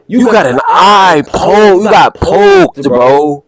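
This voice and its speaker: A man hosting a reaction video with casual, animated, slang-heavy commentary that keeps breaking into laughter. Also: sits high, unhurried, hardly any pauses, a crowd in the background, low-quality recording.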